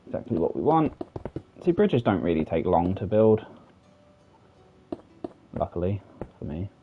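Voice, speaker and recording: Deep-voiced British man chatting while gaming. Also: big pitch swings, a little slow, narrow, tinny audio, a little hiss or hum. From United Kingdom. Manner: chatty, self-deprecating, rambling with frequent fillers. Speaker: streamer. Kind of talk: casual gameplay commentary. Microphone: desk microphone for streaming.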